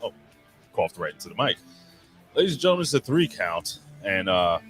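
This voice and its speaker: Excitable, swearing man on a podcast. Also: lowish voice, normal speed, faint music behind. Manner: excitable, profane, jumps between topics. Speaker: podcast co-host. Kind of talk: casual chat.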